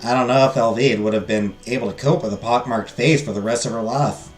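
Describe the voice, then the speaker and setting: A man voicing a wistful young woman farmer who mourns her siblings, with a put-on Southern drawl, telling her story slowly and sadly. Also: medium pitch, roomy sound, soft background music, voice pushed down, close to an everyday voice. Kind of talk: reading game dialogue aloud.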